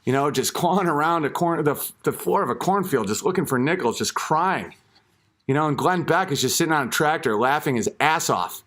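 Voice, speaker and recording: A man's voice: a little high, lively intonation, fairly quick, a bit bright. Man in a crude mocking rant.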